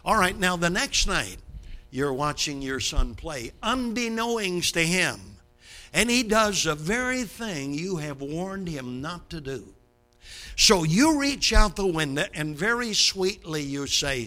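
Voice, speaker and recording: A man in his seventies from Brooklyn preaching a sermon from the pulpit, dramatic, swinging from loud bursts to low hushed line endings. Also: sing-song, unhurried, soft background music. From Brooklyn, New York. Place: church sanctuary, behind a pulpit.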